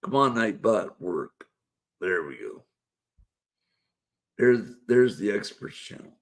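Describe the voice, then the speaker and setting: Man hosting a live stream, gravelly creak, unhurried delivery, laid-back, coaxing. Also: lowish voice, very animated. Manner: laid-back, chuckling, coaxing guests onto the panel. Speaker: livestream show host. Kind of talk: casual live-stream chat.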